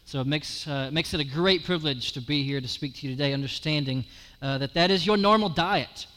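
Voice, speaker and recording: High bright-voiced preacher in a reverberant hall. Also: male voice, brisk. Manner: storytelling, builds to raised emphatic delivery. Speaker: guest preacher. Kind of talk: sermon with personal story. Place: church sanctuary.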